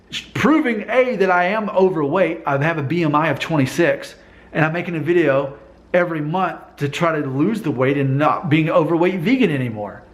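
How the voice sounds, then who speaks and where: A man delivering a casual vlog monologue straight to the camera. His voice sits a little high for a man, and he presses his points hard, circling back and repeating himself for emphasis. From United States. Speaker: vlogger.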